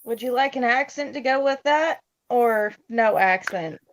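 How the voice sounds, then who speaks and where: A woman from the Deep South with a Southern American accent, bantering dryly in a casual chat. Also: a little slow. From Deep South, United States. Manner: dry, joking banter.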